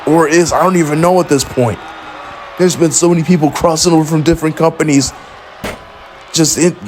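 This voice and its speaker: A fairly high-voiced man calls the action of a wrestling video game with loud, outraged excitement, exclaiming and cursing as he goes. A faint noise sits behind his voice. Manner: exclaiming, outraged, often swearing. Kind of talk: excited play-by-play commentary.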